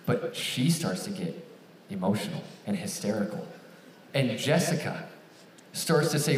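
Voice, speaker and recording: Lively man preaching in an echoey hall. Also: mid-range voice, a little slow, pauses often, slight background noise. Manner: animated, acts out phone dialogue in raised voices. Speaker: campus ministry speaker. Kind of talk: storytelling sermon to a live audience. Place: large hall with an audience. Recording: echoey hall, picked up from a distance.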